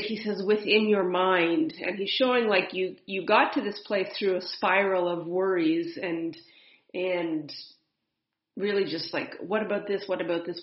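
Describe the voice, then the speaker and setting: Woman medium, soft and unhurried channeling voice, breathy pauses, echoey room. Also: fairly low pitch, highs cut off. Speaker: spiritual medium. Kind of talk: guided spirit-channeling talk.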